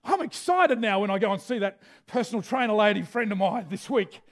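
A middle-aged man preaching a sermon with energy, shouting out key phrases. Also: high-pitched, expressive, fairly quick.

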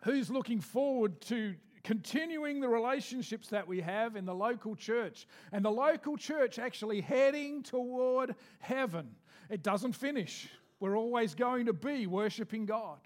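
A man preaching a sermon as pastor, leading the congregation in responses and reading scripture slowly. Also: very high-pitched, animated.

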